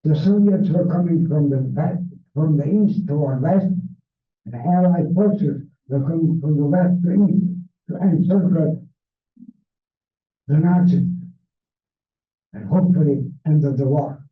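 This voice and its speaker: An older man with a Hungarian accent, a Holocaust survivor giving a measured personal testimony talk with non-native grammar, his first language Hungarian. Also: a little high, narrow, tinny audio. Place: library event room. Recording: echoey, distant, phone-thin sound.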